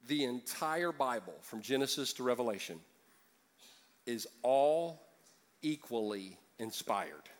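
A man's voice: medium pitch, animated, slow. A man preaching a sermon as pastor, joking and acting out voices from the congregation.

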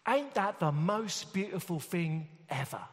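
A man's voice: sits high, expressive, measured pace, voice pushed up. A preacher putting on a London accent to voice an awestruck working-class male cab driver. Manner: exclaiming, plain-spoken. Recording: long hall reverb.

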